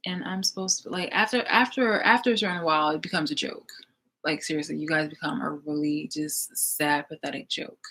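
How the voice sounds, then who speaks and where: A woman ranting in a casual monologue, exasperated and profane, full of fillers, swinging between loud outbursts and low mutters. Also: steady tone, brisk.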